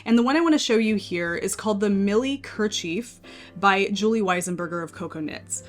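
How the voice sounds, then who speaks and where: American woman, knitting vlog host, middle pitch, casual think-aloud delivery, faint music bed. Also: fairly quick. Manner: chatty, thinking aloud with fillers. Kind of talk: casual pattern walkthrough.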